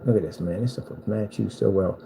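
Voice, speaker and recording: A man's voice: lowish voice, fairly quick, creaky, dark tone, slight background noise, low-quality recording. A man delivering a boastful, taunting rant at a rival screen maker, repeating himself for emphasis. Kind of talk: trash-talking rant at a rival.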